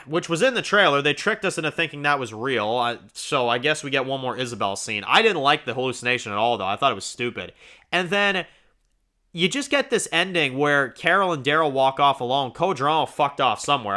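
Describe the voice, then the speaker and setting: A man's voice: on the high side, bright, forceful tone. A young man hosting a TV review channel, talking casually in a rambling, profane way with many fillers and restarts. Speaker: TV review host.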